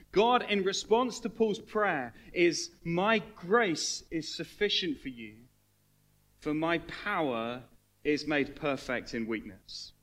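A man preaching a sermon as pastor, animated and swinging between hushed, intimate lines and loud emphatic ones, acting out the voices he quotes. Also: a little high.

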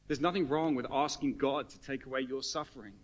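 A man preaching a sermon to a congregation, earnest and emotional, building to fervent emphasis and then falling quiet. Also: mid-range voice, brisk. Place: church hall with congregation.

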